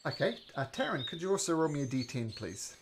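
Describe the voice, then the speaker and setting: A man's voice: fairly high pitch, sing-song, quick pace, very noisy. A man narrating a tabletop game as game master, with lots of fillers and hesitations.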